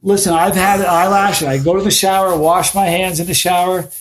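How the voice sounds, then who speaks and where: A middle-aged man sits in as a podcast guest, talking through his stories in a lively, animated way. His voice sits on the high side for a man. He often trips over his own words and repeats them as he hurries on. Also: a little fast. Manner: animated storyteller, repeats words when excited. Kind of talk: casual podcast chat.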